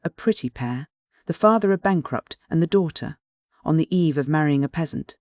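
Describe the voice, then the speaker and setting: A man's voice: a little high, animated, moderate pace, a little mellow, no echo, studio quality, close to an everyday voice. A man voicing a bankrupt old noble father, flowery, mocking and cynical in a storybook reading.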